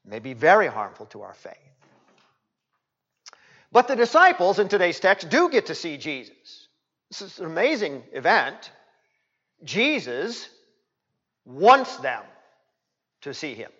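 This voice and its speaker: Man, pastor, sermon, high voice, emphatic repetition, loud-to-hushed swings, muffled lo-fi sound. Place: church sanctuary. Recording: reverberant, dull lo-fi church recording.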